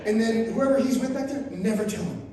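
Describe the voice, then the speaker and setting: Man in his fifties, stand-up comic, crude storytelling, loud outbursts, very echoey room, distant mic. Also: extremely high pitch, a little fast, a crowd in the background. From Florida. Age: 50s. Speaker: stand-up comedian. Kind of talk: stand-up comedy set. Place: RV resort event room, live audience.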